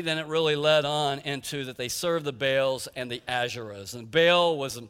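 A man's voice: on the high side, fairly bright tone, clear, resonant tone. A man preaching a sermon as pastor, earnest and emphatic, with rhetorical questions, in a church sanctuary. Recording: echoey hall with long reverb.

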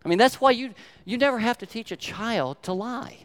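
Smooth-voiced older male preacher. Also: extremely high pitch, lively intonation, fairly quick. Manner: emphatic storytelling with sharp swings in loudness. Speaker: pastor. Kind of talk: sermon.

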